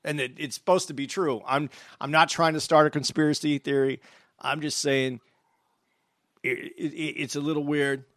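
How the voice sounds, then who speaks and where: A man's voice: fairly high pitch, steady tone, normal speed, fairly bright tone, dry recording, studio quality. A man who is a comedian, chatting casually and hedging his points, saying again and again that he is only asking. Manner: hedging, keeps repeating that he is just asking. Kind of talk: casual podcast chat.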